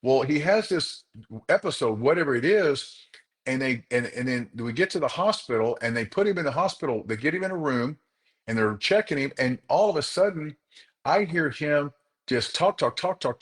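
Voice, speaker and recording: A chiropractor leading a group session tells a story in an earnest, motivational style. His voice is a little high and animated, his pace moderate, and he addresses the group directly, repeating words for emphasis.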